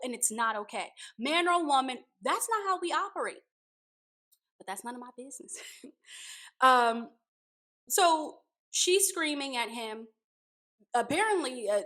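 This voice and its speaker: A woman giving an opinionated, casual recap of a reality show, laughing now and then. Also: sits high. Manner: opinionated, animated, laughs often.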